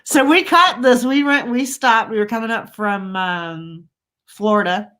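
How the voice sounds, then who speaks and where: A woman hosts a loose, chatty podcast, her voice pitched a touch high and strikingly bright. She tells her stories with animated, self-mocking energy. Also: unhurried. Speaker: podcast host. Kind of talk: casual chat.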